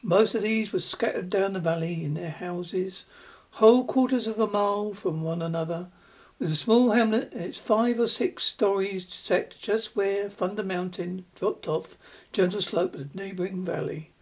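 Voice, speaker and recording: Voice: mid-range voice, normal speed, a little mellow. Story narration, uneven pace, restarts, plain voice.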